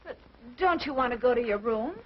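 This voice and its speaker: An actress playing a worried young married granddaughter, speaking in a gentle, soft-spoken way, in a dull old film recording. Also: female voice, on the high side, lively intonation, brisk. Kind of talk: 1950s TV drama acting. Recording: dull lo-fi 1950s film sound.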